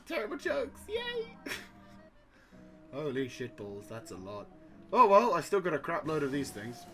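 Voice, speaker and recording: A man casually commenting on a strategy game, rambling and excitable, swearing freely and chuckling at his own jokes. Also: medium pitch. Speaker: gaming channel host.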